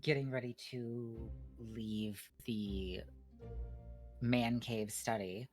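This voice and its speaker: A woman's voice: extremely low pitch, steady tone, very slow, darkish tone, faint music behind. A woman playing a tabletop game, describing her character's moves in a matter-of-fact way. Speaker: player.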